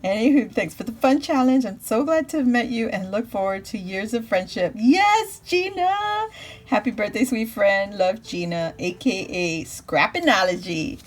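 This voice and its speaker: High-pitched, gushing woman crafter. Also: lively intonation, normal speed. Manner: gushing, squealing with delight, lots of laughter. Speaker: craft vlogger opening birthday mail. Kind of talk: casual unboxing chat to viewers. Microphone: phone camera.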